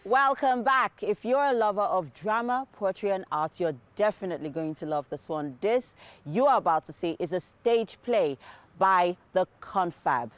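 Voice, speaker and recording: A woman's voice: medium pitch, moderate pace. A woman hosting a morning TV show, chatting and telling a story. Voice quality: chatty storyteller, quotes others in lively voices. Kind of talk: casual studio chat.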